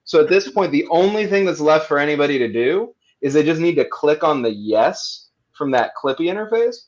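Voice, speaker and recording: A man narrating his character's actions in a tabletop role-playing stream, halting with many fillers and restarts. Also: fairly high pitch, very animated, highs cut off. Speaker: player.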